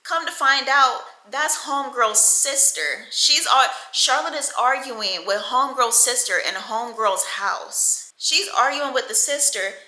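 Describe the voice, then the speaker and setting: A woman in her twenties telling a casual storytime, chatty and animated, swearing and laughing a lot. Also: high voice, measured pace, few pauses. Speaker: vlogger. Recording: echoey room.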